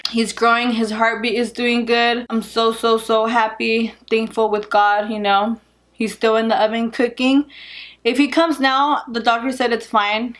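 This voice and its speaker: A young woman, heavily pregnant, talks straight to her viewers in a casual update. Her voice sits a little on the high side, and she rambles candidly, often breaking into laughs. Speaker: vlogger.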